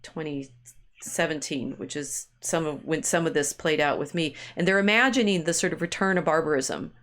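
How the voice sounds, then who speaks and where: A woman's voice: low voice, normal speed, a bit bright. A woman co-hosting a casual discussion podcast, thinking aloud with many restarts and side remarks. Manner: rambling, frequent restarts and hedges, laughs easily. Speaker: podcast co-host.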